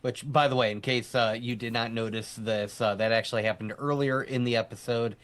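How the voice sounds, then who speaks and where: A man's voice: medium pitch, steady tone, brisk, a bit bright. A man co-hosting a casual live show, chatty and rambling, laughing often and teasing his partner. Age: adult army veteran. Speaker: co-host. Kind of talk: casual podcast chat.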